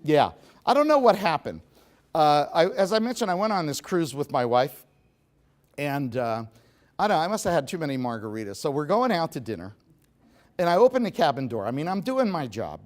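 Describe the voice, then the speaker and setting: Joking and animated, this middle-aged motivational speaker talks straight to a live seminar crowd in a humorous style. He speaks at normal speed in a slightly high voice.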